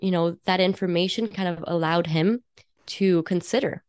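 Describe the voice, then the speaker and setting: A woman guesting on a podcast as an intuitive coach, talking in a chatty, warm way with frequent laughs, fillers and restarts. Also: on the low side, normal speed, no echo, clean studio sound. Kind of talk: casual podcast conversation.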